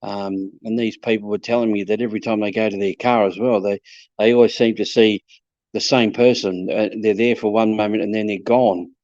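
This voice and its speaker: A man's voice: fairly low pitch, steady tone, a little fast, darkish tone, no room sound. A man, a paranormal investigator, telling stories in a casual chat, hesitant and repeating words as he goes. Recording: slightly dull lo-fi sound.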